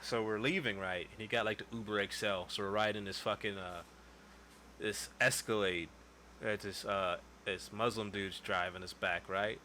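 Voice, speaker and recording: A man's voice: on the low side, steady tone, normal speed, bright, forceful tone, slight background noise. A man in his twenties casually telling a long story on a podcast, loose and profane, acting out what people said. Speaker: podcast co-host.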